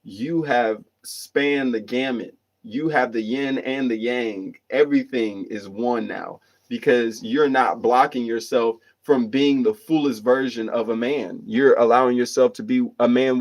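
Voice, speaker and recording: A man's voice: mid-range voice, measured pace, a little mellow. A man hosting a livestream, reading viewer comments and giving earnest, rambling motivational talk with restarts and repeated phrases.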